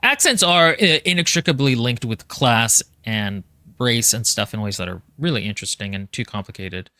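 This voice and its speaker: A man's voice: mid-range voice, animated, normal speed, sharp tone, no echo. A man hosting a casual livestream chat, rambling and reading comments as he goes. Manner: rambling, reads comments aloud mid-talk. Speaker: podcast host.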